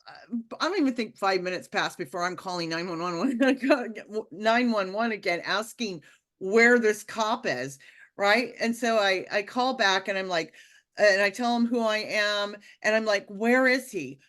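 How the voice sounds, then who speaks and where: A woman telling a personal story in a casual, animated way, with lots of fillers and restarts. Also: mid-range voice, moderate pace. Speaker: speaker sharing a personal testimony.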